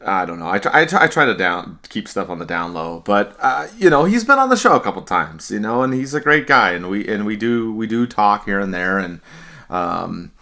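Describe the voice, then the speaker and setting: A man co-hosting a hockey podcast in a measured, casual way, often restarting his sentences. His voice is fairly low. It has a bright, forceful edge. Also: very animated. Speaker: podcast co-host. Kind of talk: casual sports podcast chat.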